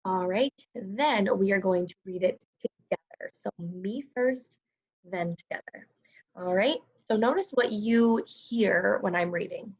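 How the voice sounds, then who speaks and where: Woman teaching a second-grade class. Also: medium pitch. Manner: slow, crisp and clear, encouraging teacher voice. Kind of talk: recorded remote lesson for young children. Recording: slightly dull lo-fi recording.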